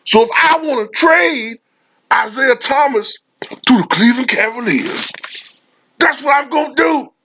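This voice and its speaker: A squeaky, haughty team-owner boss. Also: male voice, animated, a little slow, sharp tone, a little hiss or hum, heavily acted. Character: pompous arrogant male team owner. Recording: dull lo-fi recording.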